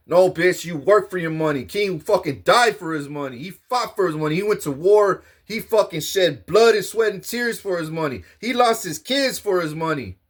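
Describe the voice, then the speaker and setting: A man giving a profane, animated comedic rant, boasting and acting out scenes. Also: high voice, normal speed, few pauses. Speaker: vlogger.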